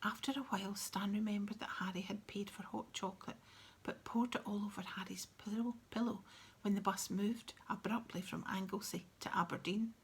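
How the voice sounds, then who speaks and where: A woman narrating an audiobook in a soft, hushed whisper at a steady reading pace. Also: mid-range voice, normal speed, husky. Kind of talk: whispered storytelling.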